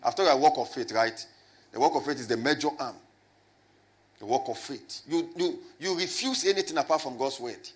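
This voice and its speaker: A man preaching a lively sermon as a pastor, swinging from loud shouts to low asides and calling on the congregation to answer. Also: moderate pace. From Ghana. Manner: animated, rising to shouts and dropping low, with call and response.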